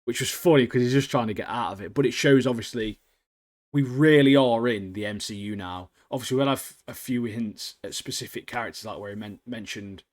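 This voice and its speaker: Animated man chatting casually. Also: medium pitch, fairly quick. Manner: animated, laughing often, slangy and swearing. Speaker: podcast co-host. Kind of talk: casual chat reviewing TV shows.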